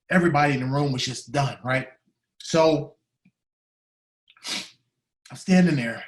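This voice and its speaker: A man giving an emotional storytelling speech, heartfelt and dramatic, shifting between loud and hushed. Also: on the high side, echoey room. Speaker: speaker at a staff training day.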